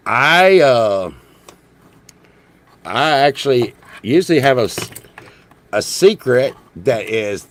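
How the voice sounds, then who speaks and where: Rambling, animated man. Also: fairly low pitch, a little hiss or hum. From Texas. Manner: rambling, jokey, with repeated restarts and swearing. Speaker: vlogger. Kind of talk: rambling casual monologue.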